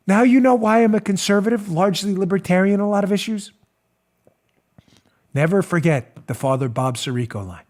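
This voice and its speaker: A man hosting a political talk show, speaking in a sarcastic, animated, mocking manner from a studio. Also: high voice, a little fast. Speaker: host.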